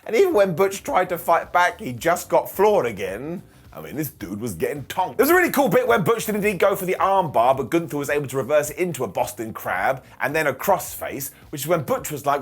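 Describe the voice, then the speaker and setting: A man in his thirties recapping a wrestling show in a sarcastic, jokey monologue full of quick mock impressions. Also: a little high, very animated, breathy edge.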